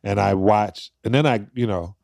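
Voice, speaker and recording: Lively storytelling man, low warm voice. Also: normal speed, creaky, dry recording, clean studio sound. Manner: acts out quoted voices, laughs while telling stories. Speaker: podcast guest. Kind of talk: animated storytelling in conversation.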